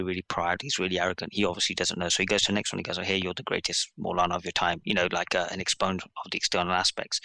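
A man with a British accent, a guest telling a spiritual teaching story in an excitable, rambling, playful way. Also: sits low, vocal fry, dry recording. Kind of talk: animated storytelling in conversation.

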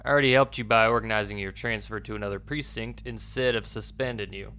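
A gruff, stern police captain with a put-on Southern drawl, as a man voices him. He talks loudly and firmly in a bright, smooth voice as he reads the game's text dialogue aloud. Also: lowish voice, fairly even intonation, fast talker. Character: gruff middle-aged male police captain.

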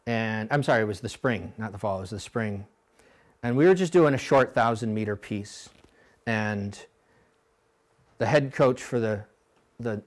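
A middle-aged man coaching coxswains at a clinic, blunt and animated, now and then mimicking rowers in a high voice. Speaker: rowing coach.

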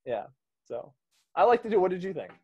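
Animated man chatting about movies. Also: high voice, a little fast, creaky, highs cut off. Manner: animated, laughs often, trails off and restarts. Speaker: podcast host. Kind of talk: casual movie discussion.

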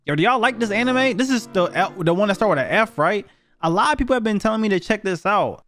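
Animated young man reacting bluntly. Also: sits high, fast. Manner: blunt, profane, animated slang-heavy reactions. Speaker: YouTuber reacting to viewer submissions. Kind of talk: casual reaction commentary.

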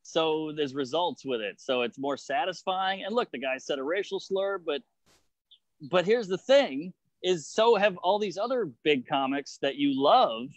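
A man, a comedian guest on a video-call podcast, riffing in a rapid, profane way and mocking people in quoted voices. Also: a little high, lively intonation, dry recording, dull audio. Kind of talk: casual podcast chat.

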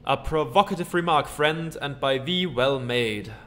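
A man's voice: a little high, unhurried, fairly bright tone. A man doing a pompous old-fashioned speaker. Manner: archaic and pompous.

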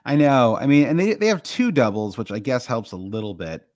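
A man's voice: medium pitch, lively intonation, fairly quick, a little mellow, no echo, studio quality. A man with a Midwestern American accent, co-hosting a casual podcast chat and rambling through many fillers and restarts. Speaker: podcast co-host.

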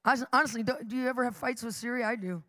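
A middle-aged woman preaching live with animated storytelling, laughing often and acting out the people in her stories. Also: a little high, quick pace, no echo.

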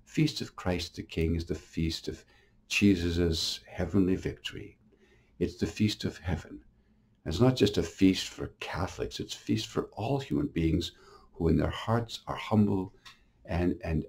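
A priest giving a short homily in a gentle, reflective way, often pausing and restarting phrases, with a Canadian English accent. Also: male voice, low voice, gravelly, breathy edge.

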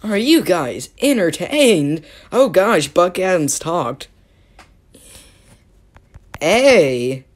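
A woman's voice: fairly low pitch, sing-song, extremely slow, long pauses. A woman giving casual, playful commentary on her own gameplay, teasing and self-mocking and dropping silly sound words as she goes. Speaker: gaming video creator.

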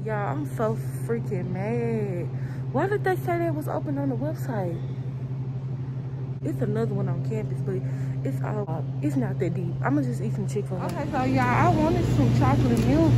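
A young woman, her voice pitched a little high, chatting to her followers as she walks across campus. She talks loose and slangy and keeps calling her viewers y'all. Traffic rumbles clearly behind her, caught on a handheld phone. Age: young adult. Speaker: college student vlogger. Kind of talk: casual walk-and-talk vlog. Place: outdoors and indoors around a college campus. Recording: outdoor traffic noise behind.

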